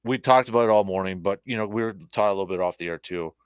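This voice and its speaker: A man hosting a relaxed sports talk show in a fairly low voice. He rambles, hesitates and restarts as he thinks aloud. The recording is dry and close. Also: very fast, smooth, no room sound. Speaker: host. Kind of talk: casual sports chat.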